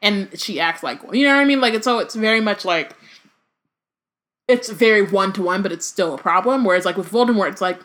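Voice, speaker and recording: A woman's voice: mid-range voice, fairly quick, a bit bright. A woman co-hosting a podcast, chatting casually about a book, swearing freely and reading passages aloud. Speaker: podcast co-host.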